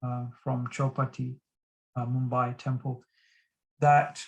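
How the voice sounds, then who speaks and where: A man giving a devotional talk, earnestly retelling a sacred story with frequent pauses. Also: medium pitch, flat delivery, rough recording. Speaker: devotional speaker.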